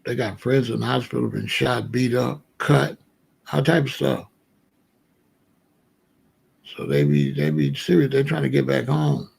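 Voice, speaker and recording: A middle-aged man hosting a commentary show, telling a street story in a casual, animated way. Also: mid-range voice, unhurried, vocal fry, long pauses, slightly rough. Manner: animated storyteller, breaks into quoted dialogue.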